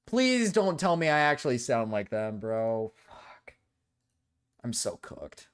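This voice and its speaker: A young man streaming live, chatting casually and reacting defensively, moving between low mumbles and loud protests. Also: very animated, slow pace, smooth.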